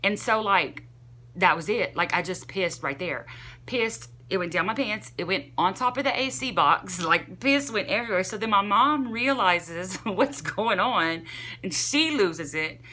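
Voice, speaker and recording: Young woman vlogging a storytime, bright clear voice, says like a lot, rambles along. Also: mid-range voice, a little slow. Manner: rambling and animated, lots of "like" fillers. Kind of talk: casual storytime chat.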